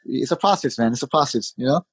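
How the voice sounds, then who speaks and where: A man, a jiu-jitsu instructor, chatting as a podcast guest in an energetic, conversational way, with lots of "you know" and "man.". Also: medium pitch, fast, breathy edge, no echo, poor audio. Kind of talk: casual interview chat.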